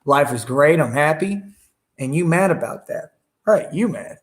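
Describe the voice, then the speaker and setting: Guy ranting on his live, bragging and trash talking, kinda high voice. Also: animated, unhurried. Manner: taunting, boastful, profane; talks over his own song playing. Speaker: livestreamer. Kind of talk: combative livestream rant.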